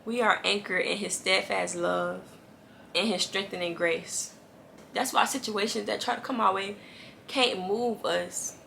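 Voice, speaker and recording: A woman's voice: medium pitch, steady tone, unhurried, gravelly, sharp tone, a little hiss or hum. A woman giving an earnest, casual devotional talk to camera, encouraging viewers and repeating lines for emphasis. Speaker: Christian faith vlogger.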